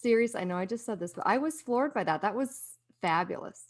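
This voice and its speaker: A woman co-hosting a casual podcast chat, bubbly and quick to laugh. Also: fairly high pitch, lively intonation. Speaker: podcast co-host and voice actor.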